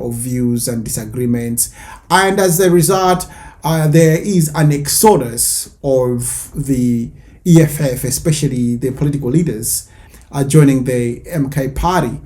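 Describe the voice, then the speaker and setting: A man hosting an online news commentary show, explaining events in a measured way with some fillers. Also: mid-range voice, dark tone.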